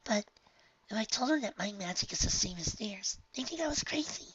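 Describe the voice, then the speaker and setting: A reader voicing a gentle young unicorn filly in a soft, hushed whisper, as whispered role-play. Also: medium pitch, lively intonation, brisk, muffled recording, slight background noise, voice pushed up, natural voice.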